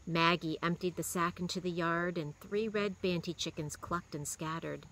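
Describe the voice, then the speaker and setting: A woman reads a children's novel aloud with a steady, expressive delivery. Her voice is pitched a little low, yet the tone is bright and crisp. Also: normal speed, slight background noise, rough recording. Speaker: reader.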